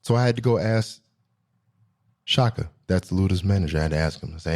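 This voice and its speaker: A man hosting his own show, telling stories in a slangy, animated way, swinging between excited high bits and low asides. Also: a little fast, pauses often. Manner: slangy, swearing, self-correcting. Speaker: podcast host. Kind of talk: casual storytelling monologue.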